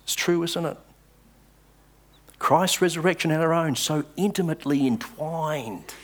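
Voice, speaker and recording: A male pastor preaching a sermon, reading scripture with dramatic pauses and stressed words. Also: on the high side.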